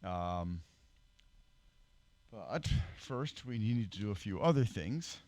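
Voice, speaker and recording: A man's voice: fairly low pitch, animated, slow, darkish tone. A man hosting a casual PC building tutorial, rambling with fillers, self-corrections and dry self-deprecating asides, recorded on a desk microphone that he sometimes leans away from. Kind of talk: casual how-to demonstration. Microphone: desk microphone, moving closer and farther. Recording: dry close-mic, voice fades when he leans away.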